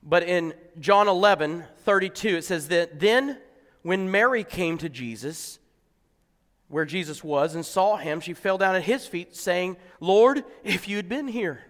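A pastor preaching a conversational sermon that builds to fervent, emphatic exclamations. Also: male voice, high-pitched, lively intonation, measured pace, fairly bright tone, in a large hall.

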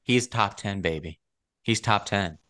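A young man hosting a casual sports chat, animated and argumentative. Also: on the low side, measured pace. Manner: animated and argumentative, leading the rundown. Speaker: podcast host.

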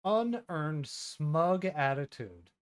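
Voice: mid-range voice, lively intonation, extremely slow, clean tone. A podcast co-host in casual book-club chat, blunt and openly scornful of the story. Swears freely and mocks the characters with dry, sardonic jabs.

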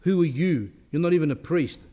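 A man's voice: on the high side, moderate pace, mellow, natural voice. A man voicing a defiant, mocking demon that speaks through a possessed monk, read aloud during a spiritual talk. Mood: scornful.

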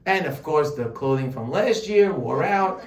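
A man giving a humorous religious lesson, animated and joking, full of rhetorical questions. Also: a little high, unhurried. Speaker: Torah teacher. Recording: roomy sound from a distant mic.

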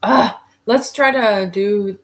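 A woman's voice: mid-range voice, takes it slowly, a crowd in the background. A woman co-hosting a casual podcast chat who teases her friend playfully. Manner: playful, teasing. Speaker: podcast co-host.

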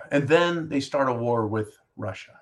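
A man hosting a talk show, reading a listener's question and then ranting at length in a sarcastic, animated way, often calling his listeners "folks". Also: mid-range voice, slow. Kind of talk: casual opinion talk show.

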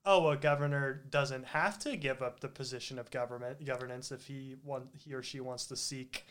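A man's voice: mid-range voice, steady tone, moderate pace, fairly bright tone. A man hosting a casual political chat, speaking hesitantly with frequent fillers.

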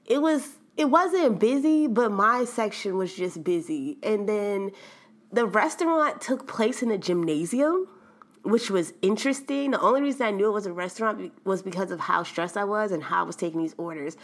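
Chatty, animated young woman host. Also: mid-range voice, moderate pace. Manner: animated, chatty, laughs often. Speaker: podcast host. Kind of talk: casual storytelling monologue.

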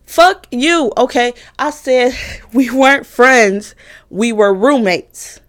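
A young woman in her twenties rants through a heated storytime vlog about a former roommate. Her voice sits a little high, and she swears freely, jumping between exasperation and mocking retorts. She talks straight to her viewers in a casual, animated way. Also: slow pace. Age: 20s. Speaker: college student vlogger.

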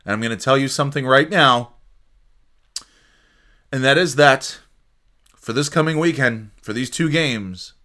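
A man's voice: medium pitch, unhurried, pauses often, pushed and bright. A man hosting a casual solo sports talk show, rambling and joking with many fillers and restarts. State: sleepy, yawning. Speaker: sports podcast host.

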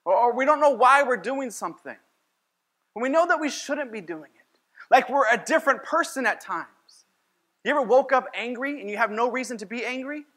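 A man's voice: very high-pitched, lively intonation, fairly quick, fairly bright tone. A man preaching as a pastor, telling a personal story in a conversational sermon and acting out his own lines.

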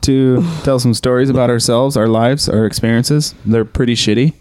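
A man's voice: medium pitch, steady tone, normal speed, darkish tone, dry recording. A young man hosting a casual podcast, teasing his friends and swearing often. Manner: crude, teasing, swears a lot. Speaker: podcast host. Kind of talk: casual chat.

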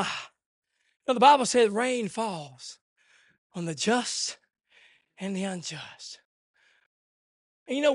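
Male preacher, very high and bright. Revival sermon, dry close sound. Drops to a hush, then builds to shouts. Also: no echo. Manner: swings from hushed to shouting; rhythmic repetition, rising cadence. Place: church service.

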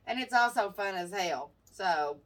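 A woman's voice: medium pitch, lively intonation, measured pace, a bit bright, far from the mic. A woman hosting her own podcast, chatting casually with crude jokes and frequent laughter. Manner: crude, joking, laughs often. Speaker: podcast host. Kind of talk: casual chat. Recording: voice from away from the mic.

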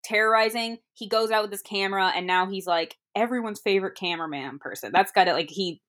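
A woman's voice: mid-range voice, fast talker, fairly bright tone. A woman in her thirties chatting casually about a movie, laughing often and acting out her own thoughts.

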